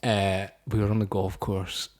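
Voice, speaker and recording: A man's voice: low-pitched, level tone, unhurried, darkish tone. A man co-hosting a casual podcast, bantering crudely and swearing often on a podcast microphone. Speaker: podcast co-host.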